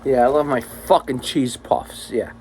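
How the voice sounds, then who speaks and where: A man's voice: medium pitch, steady tone, measured pace, a little mellow, slight background noise, low-quality recording. A man vlogging a rambling, exasperated, profanity-heavy rant to his viewers. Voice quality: crude, swears constantly, exasperated.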